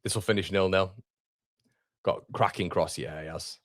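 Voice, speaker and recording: A man's voice: low voice, normal speed, no echo, studio quality. A young man hosting a live football watchalong, chatting casually with viewers and calling them mate. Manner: chatty, calls viewers mate, reads out chat.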